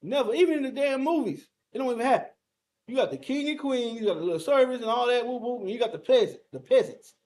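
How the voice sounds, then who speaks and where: A man's voice: very high-pitched, quick pace, darkish tone. A man teaching a fiery scripture breakdown, emphatic and confrontational, firing rhetorical questions and mild curses at his listeners.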